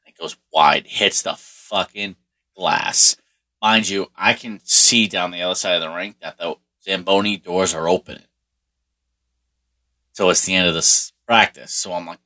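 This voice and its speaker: A man casually telling a rambling personal story, swearing constantly and filling pauses with "like" and "you know.". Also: deep voice, fairly even intonation, sharp tone. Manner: profane, rambling, heavy on swearing and fillers.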